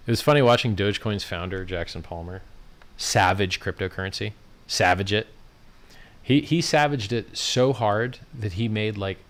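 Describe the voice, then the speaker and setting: A man's voice: fairly low pitch, vocal fry, a bit bright. A man hosting a casual livestream, talking in a brash, mocking, ranting way as he scrolls and comments. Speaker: livestream host.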